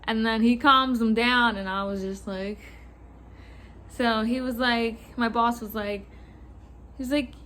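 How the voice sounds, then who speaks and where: High, bright-voiced young woman ranting. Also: unhurried, pauses often. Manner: swearing, animated, acts out callers. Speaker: vlogger. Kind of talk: casual storytime rant.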